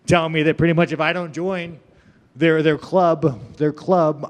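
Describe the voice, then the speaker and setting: A man's voice: a little high, fairly bright tone. A young man telling a rambling, profane story about himself, laughing at his own jokes. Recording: long hall reverb.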